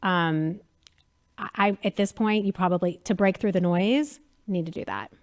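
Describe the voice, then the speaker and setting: A woman in her thirties, a media company president chatting as an interview guest, telling lively stories and acting out quotes. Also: lowish voice, normal speed. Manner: animated storyteller, acts out quotes. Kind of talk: casual interview chat.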